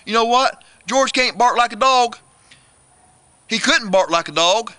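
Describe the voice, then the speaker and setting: A man's voice: high voice, normal speed, bright, forceful tone, dry recording. A man giving a playful booktalk to children, addressing them directly and building suspense. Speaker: children's book reviewer.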